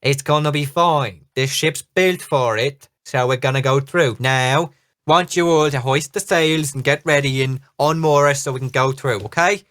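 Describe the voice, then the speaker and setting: A man voicing a boisterous, rambling ship captain who talks loudly and jovially. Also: mid-range voice, normal speed, no room sound, studio quality, close to an everyday voice. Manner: loud, jovial, rambling, hesitant.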